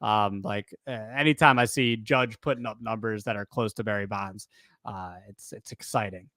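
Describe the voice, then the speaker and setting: A man's voice: fairly low pitch, steady tone, moderate pace, pushed and bright, dry recording, studio quality. A man co-hosting a casual sports podcast, talking loosely with lots of fillers, restarts and self-corrections. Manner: rambling, frequent fillers and restarts. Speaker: podcast co-host.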